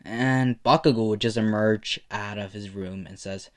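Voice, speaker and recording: A man's voice: lowish voice, fairly even intonation, moderate pace. A man improvising a fan-fiction story aloud in a loose, rambling way, full of fillers.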